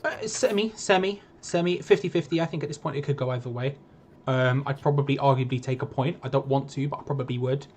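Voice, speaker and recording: A man's voice: mid-range voice, quick pace, slight background noise. A man co-hosting a live football watch-along, chatty and upbeat as he promotes his content. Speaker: watch-along co-host and podcaster. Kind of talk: casual live stream chat.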